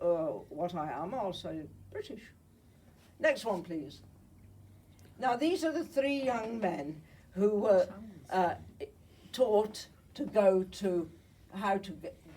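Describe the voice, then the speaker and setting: A woman's voice: on the low side, animated, slow, warm tone, slightly rough, far from the mic, low-quality recording. A woman in her eighties from Germany, a Holocaust survivor giving a slide talk to an audience, chatty and often checking in with her listeners, while nursing a cold. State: has a cold.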